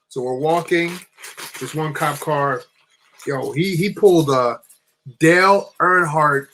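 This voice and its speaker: Halting, repetitive man telling a story. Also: fairly high pitch, fairly bright tone, poor audio. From New Jersey. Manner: halting, repetitive, many restarts. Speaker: channel co-host. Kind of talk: personal storytelling.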